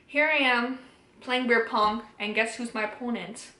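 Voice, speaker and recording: A woman's voice: on the high side, moderate pace. Young woman telling a personal story, echoey room. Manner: candid, animated retelling with quoted dialogue. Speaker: vlogger.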